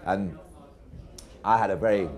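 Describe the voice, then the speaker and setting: A man's voice: low-pitched, a little slow, darkish tone. A middle-aged man, a racehorse trainer, telling anecdotes in a dry, erudite way to a live audience in a pub. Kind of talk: anecdotal storytelling.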